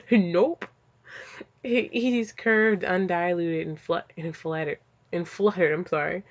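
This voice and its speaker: Woman reading fanfic aloud, profane comic asides, lowish voice, dull lo-fi audio. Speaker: fanfiction reader and reactor. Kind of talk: casual comic reading with commentary.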